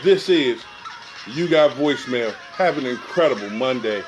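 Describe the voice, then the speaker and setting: A man hosting a sports talk show, delivering a preachy, animated monologue straight to his audience in loose, colloquial speech that keeps repeating phrases. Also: mid-range voice, moderate pace, over music.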